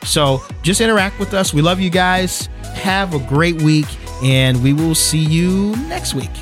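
Earnest higher-voiced male podcast host. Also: a little slow, over music. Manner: earnest and emphatic, with frequent restarts and repeated words. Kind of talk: faith-based podcast talk.

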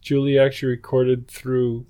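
A man's voice: mid-range voice, monotone, moderate pace, dark tone, smooth. A man co-hosting and editing a podcast, chatting casually in a rambling, apologetic way and often laughing as he talks. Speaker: podcast co-host and editor. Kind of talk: casual chat.

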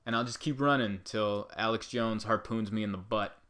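A man delivering a rambling comedic monologue, animated and full of asides. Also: fairly low pitch, normal speed.

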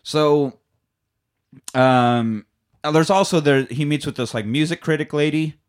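A man's voice: on the high side, unhurried. Rambling, swearing man recapping a film. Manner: rambling, swears, acts out characters' lines. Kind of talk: casual chat recapping a film.

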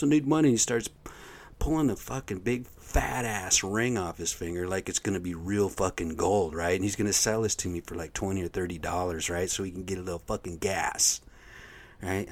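Deep-voiced profane man ranting. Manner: profane, agitated, rambling. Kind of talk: ranting casual monologue.

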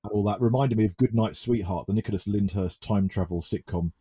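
A man's voice: fairly low pitch, fairly quick, warm tone, breathy edge. A man from England co-hosting a casual film podcast, hesitant, with many restarts. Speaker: podcast co-host.

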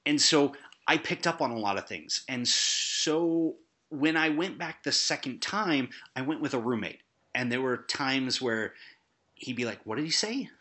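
A man in casual conversation about a film, animated and quick to laugh. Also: medium pitch.

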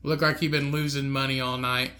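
A podcast co-host with a mid-range, bright and forceful voice tells a long, crude story fairly quickly and in a flat delivery, laughing as he goes. In the casual chat he acts out the characters, including a drunk friend and an angry lady.

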